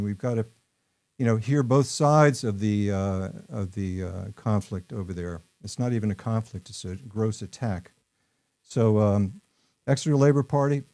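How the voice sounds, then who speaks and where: A man's voice: lowish voice, dark tone. An American man from New York hosting a podcast, talking in a rambling, opinionated way with many ums and uhs. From New York, USA. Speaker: podcast host. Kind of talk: casual political podcast talk.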